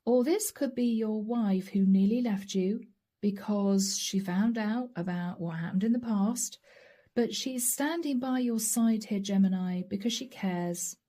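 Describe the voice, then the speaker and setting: A woman giving a channeled tarot reading. She speaks intimately and repetitively, addressing the listener directly and sometimes dropping to a soft whisper. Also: mid-range voice, unhurried. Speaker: tarot reader.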